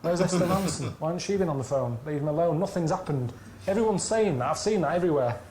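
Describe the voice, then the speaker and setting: A man, grumbling in deadpan comedy chat. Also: fairly high pitch, quick pace, roomy sound, a little hiss or hum. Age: 30s. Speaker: guest on a comedy commentary.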